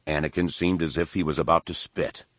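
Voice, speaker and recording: A man reading a novel as narrator, in steady, even storytelling. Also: very deep voice, brisk, no echo. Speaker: audiobook narrator. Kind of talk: scripted narration.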